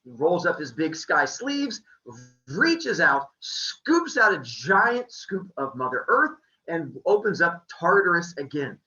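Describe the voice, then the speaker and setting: A man tells an old myth as a casual, joking story, his voice swooping and animated. His tone is bright and forceful. The recording sounds dull and lo-fi. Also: on the high side, slow pace, echoey room. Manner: jokey, playful, full of sound effects. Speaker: podcast storyteller.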